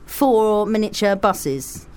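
Een Britse vrouw die in een ontspannen gesprek levendig en grappig anekdotes vertelt, vaak lachend en stemmetjes nadoend. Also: female voice, mid-range voice, slow pace, clear, resonant tone. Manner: animated, laughs often, acts out voices in her stories. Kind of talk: casual chat, comic storytelling.

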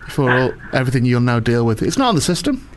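A man's voice: medium pitch, big pitch swings, fast talker, a little hiss or hum. A man hosting a radio show, bantering casually, teasing his guest, swearing freely and laughing often.

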